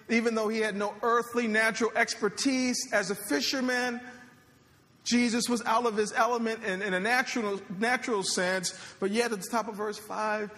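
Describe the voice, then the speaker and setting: Male pastor, conversational sermon with joking asides; high-pitched, reverberant hall. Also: fairly bright tone.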